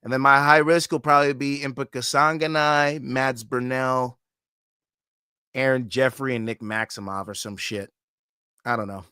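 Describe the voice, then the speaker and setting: A man's voice: mid-range voice, steady tone, normal speed, bright, forceful tone, clean tone, no room sound, clean studio sound. A man hosting a casual livestream, reading chat comments aloud, swearing freely and laughing often. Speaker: host.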